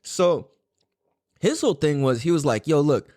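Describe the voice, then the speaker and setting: A man hosting a podcast in casual chat, swearing freely and jumping up into a higher voice to act out what others said. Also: moderate pace, dry recording, clean studio sound. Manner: animated, swears a lot, acts out quotes in a higher voice. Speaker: podcast host.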